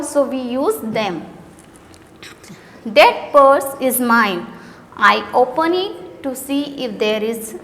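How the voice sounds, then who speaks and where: A high-pitched woman with an Indian English accent walks through a grammar worksheet like a schoolteacher. She reads each sentence aloud, then questions and answers herself. Her voice carries a long reverb, as if in a bare room. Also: fairly bright tone, slight background noise. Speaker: teacher.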